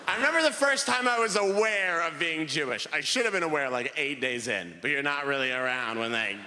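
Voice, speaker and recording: A man's voice: on the high side, a little fast. A man doing stand-up comedy, telling wry stories on stage in a live venue. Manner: animated, wry storytelling. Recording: live hall reverb, faint room noise.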